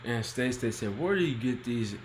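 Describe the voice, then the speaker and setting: A man's voice: medium pitch, lively intonation, fairly quick, slight background noise, rough recording. A man co-hosting a podcast, laid-back and colloquial, reading out and discussing relationship questions. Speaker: podcast co-host. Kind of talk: casual relationship advice chat.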